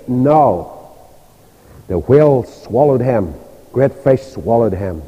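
A man's voice: medium pitch, sing-song, takes it slowly, mellow, slightly rough. An older man with a Northern Irish accent preaching a sermon, telling stories animatedly and acting out the voices of the people in them. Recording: dull reverberant church hall.

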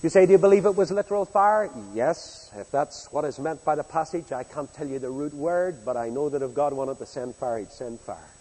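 A man preaching a sermon in a folksy storytelling way, acting out the speakers in the story with big swings in loudness. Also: mid-range voice, normal speed, few pauses, in a large hall, poor audio.

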